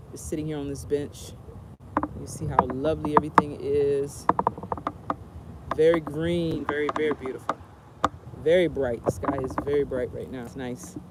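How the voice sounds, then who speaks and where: A woman's voice: a bass voice, heavy background noise. A woman chatting casually on a storytime livestream, rambling with many fillers while sitting on a bench outdoors. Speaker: travel vlogger.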